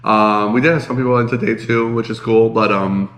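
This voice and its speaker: A man's voice: fairly low pitch, fairly even intonation, brisk, fairly bright tone, reverberant. A man co-hosting a casual podcast, sounding congested and nasal, rambling with lots of fillers. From Chicago area. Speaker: podcast co-host. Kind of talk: casual chat.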